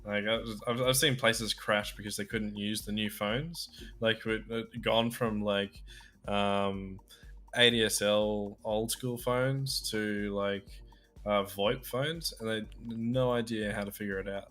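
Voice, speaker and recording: A man chatting casually on a livestream, jumping in with quick remarks and halting restarts. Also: lowish voice, steady tone, a bit bright, soft background music.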